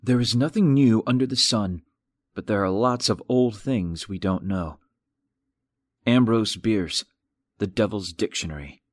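A man narrating a mystery audiobook in an even, wry, measured manner. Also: fairly low pitch, no room sound. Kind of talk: scripted narration.

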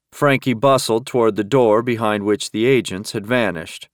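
In a lowish voice, a man narrates an audiobook from a script, keeping a steady, measured storytelling manner. The studio-quality recording has no room sound.

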